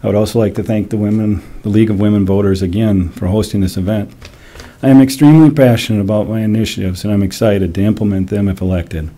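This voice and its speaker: A man's voice: lowish voice, steady tone, quick pace, dark tone. A man running for sheriff, giving an earnest closing statement at a public forum. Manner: earnest, getting choked up and laughing at himself. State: choked up. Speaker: sheriff candidate. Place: public meeting hall.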